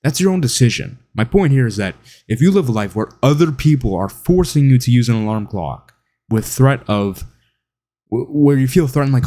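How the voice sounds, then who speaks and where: Talking to camera in a mellow, medium-pitched voice with lively intonation and normal speed, a male online commentator mocks and opines. Now and then he mimics others with a whiny voice.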